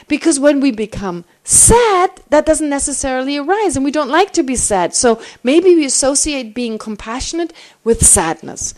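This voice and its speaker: A middle-aged woman, a Buddhist teacher, answering questions in a teaching, thinking aloud with animated restarts. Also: high-pitched, moderate pace, few pauses.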